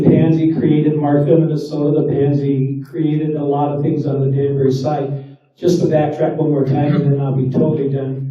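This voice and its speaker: A man on a panel explaining local history in a steady, matter-of-fact way. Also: on the high side. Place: town hall. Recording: echoey hall, distant and lo-fi.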